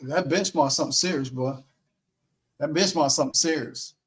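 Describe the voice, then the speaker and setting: A man co-hosting a casual post-game sports talk stream, animated, laughing easily and acting out what others said. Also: a little high, normal speed.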